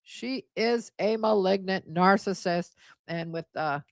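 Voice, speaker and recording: A woman's voice: mid-range voice, slow pace, creaky, no echo. A woman in her forties hosting a casual live stream, chatty and blunt, scornful as she reads viewer comments aloud. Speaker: host.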